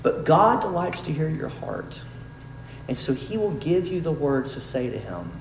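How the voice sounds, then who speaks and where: A man preaching a sermon, earnest, swinging from emphatic peaks down to soft, quiet lines. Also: a little high, sing-song, unhurried, vocal fry. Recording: roomy hall sound with faint background noise.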